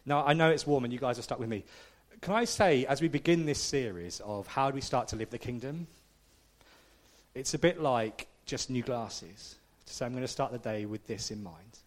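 A man's voice: mid-range voice, animated, normal speed. Man preaching a casual sermon. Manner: conversational, self-deprecating preaching with audience asides. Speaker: pastor.

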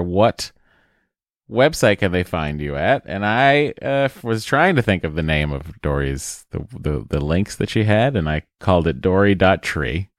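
A man with an extremely deep, gravelly voice hosts a casual podcast chat, teasing and joking as he rambles. His voice is lively in pitch, and the sound is dry and close. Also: no room sound. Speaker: podcast co-host.

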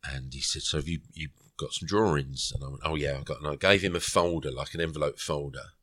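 A man's voice: very deep voice, quick pace, fairly bright tone, no room sound, clean studio sound. A middle-aged man, a podcast guest, tells a rambling story and acts out the quoted dialogue. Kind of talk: storytelling interview.

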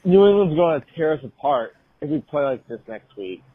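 A man's voice: on the high side, brisk, dry recording. Frustrated man calling in on tinny phone. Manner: frustrated, swears, flat complaining. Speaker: caller. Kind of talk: call-in sports chat. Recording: dry tinny phone line.

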